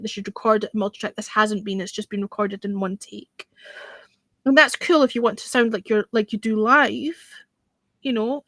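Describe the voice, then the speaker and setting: A woman hosts a casual livestream music panel, her voice sitting a little high. She gives her opinions bluntly and with conviction. The sound is dry, with no room echo. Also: a bit bright. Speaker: music show host.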